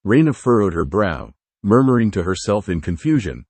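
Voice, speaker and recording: A man's voice: fairly low pitch, sing-song, normal speed, darkish tone, husky, no room sound. A man narrating a fan fiction story aloud, giving the dialogue varied inflections. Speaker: fanfiction reader.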